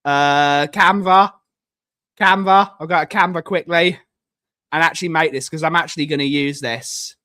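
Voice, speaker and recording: A man's voice: fairly high pitch, fairly even intonation, normal speed, pushed and bright. Rambling, joking man streaming live. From United Kingdom. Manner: rambling, repeats himself, jokey. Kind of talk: casual live-stream chat.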